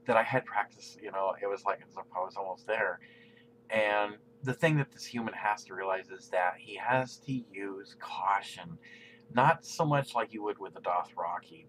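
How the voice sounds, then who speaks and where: Giggly, self-conscious man, low voice. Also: slight background noise, poor audio. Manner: giggly, self-conscious, often laughing mid-sentence; drops to a soft near-whisper when embarrassed. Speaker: aspiring actor addressing a celebrity. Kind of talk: rambling personal video message.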